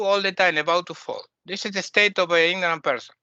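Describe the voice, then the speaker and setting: High-pitched and steady, a man talks fast with hardly any pauses, his sharp tone smooth and echo-free, though the highs are cut off. As a spiritual teacher giving a spoken lesson, he repeats key phrases with emphasis, his phrasing non-native.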